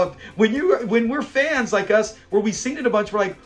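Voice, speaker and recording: A man's voice: high voice, lively intonation, normal speed, few pauses, soft background music. A man hosting a fan channel, chatting casually and animatedly as he recaps a classic sitcom episode, rambling and chuckling often. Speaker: fan commentary host.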